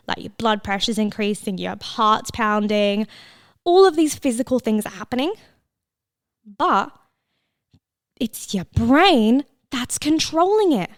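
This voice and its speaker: Woman, twenties, casual podcast host, chatty, swearing, higher voice, dry close sound. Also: no echo. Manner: chatty, swearing, laughing, drops into whispers. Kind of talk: casual solo podcast storytelling. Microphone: close mic with headphones listeners.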